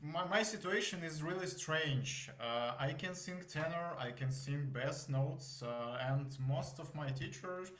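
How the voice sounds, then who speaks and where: A man taking a singing lesson, answering in halting, hesitant phrases. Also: fairly high pitch, fairly bright tone, soft background music. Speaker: singing student. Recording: echoey room sound.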